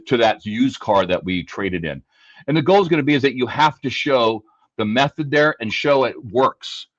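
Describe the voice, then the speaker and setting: A man's voice: medium pitch, dry recording. Man on a dull, dry line. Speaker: dealership fixed ops leader. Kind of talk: panel discussion.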